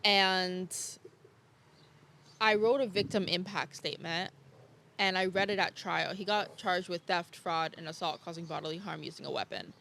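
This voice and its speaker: Young woman on a podcast, bright voice, talks straight and swears a lot, bit of hiss behind. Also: lowish voice, steady tone, normal speed, vocal fry. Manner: open and frank, swearing freely, laughs off hard memories. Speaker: podcast guest. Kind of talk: candid conversational storytelling.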